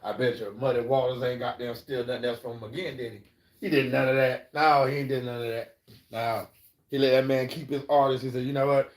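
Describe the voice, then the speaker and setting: Live-streaming in an echoey room, a man with a mid-range voice and a steady tone speaks a little fast. He tells casual stories in a rambling, profane way, and he repeatedly checks in with listeners, asking "you know what I'm saying".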